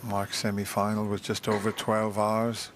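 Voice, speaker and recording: A male snooker commentator with a low voice that stays flat, with little rise and fall. His measured delivery holds steady through the match. A faint hum sits in the background. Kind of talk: live sports commentary.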